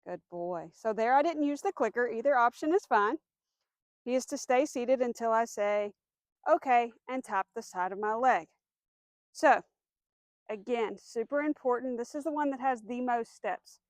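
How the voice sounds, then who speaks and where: A woman with a fairly high voice runs an outdoor dog training lesson. She explains each step plainly and gives commands in a firm tone. The sound is dry and close. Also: moderate pace, no echo. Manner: clear instructional, firm commands, soft praise to dog.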